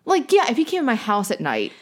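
A woman's voice: fairly high pitch, huge pitch swings, fast. A young woman co-hosting a podcast in casual chat, talking loosely with lots of fillers and casual swearing.

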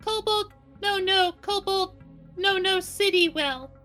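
Super high squeaky little kobold, slow broken talk, bright thin tone. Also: male voice, soft background music, full character voice. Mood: timid. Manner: broken childlike grammar, talks of itself by name. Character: small shirtless male kobold, timid and loyal. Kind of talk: tabletop role-play voice acting.

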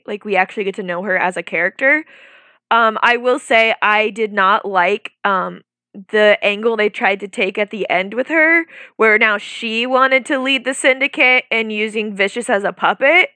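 A woman's voice: medium pitch, sharp tone, clear, resonant tone, dry recording. A young woman in casual chat who lays out her points at length, with plenty of "like" fillers. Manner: talkative, reasoned, lots of "like" fillers.

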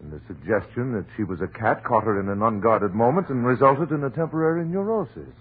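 Husky, calm doctor in old radio drama. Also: male voice, medium pitch, brisk. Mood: reassuring. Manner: soothing, firm, reassuring. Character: calm doctor and family friend. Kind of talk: 1940s radio acting. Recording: tinny old radio recording.

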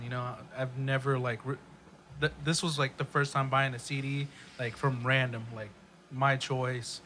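A young man chatting casually in a laid-back, halting way, with many restarts. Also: medium pitch, level tone, pushed and bright, slight background noise. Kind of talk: casual chat.

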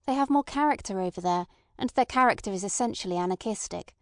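A woman's voice: medium pitch, expressive, fast, no room sound, clean studio sound, close to an everyday voice. A woman voicing a small, detached man who talks with lofty scorn and no feeling. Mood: scornful. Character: cold scornful small male bomb-maker.

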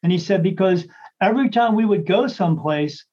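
A man with a notably high voice tells a story in a loose, rambling way, stopping and restarting and acting out what others said. He speaks as a psychic medium in a casual conversation. The sound is a little dull and lo-fi. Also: brisk, a little mellow, husky. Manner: rambling, full of restarts and acted-out quotes.

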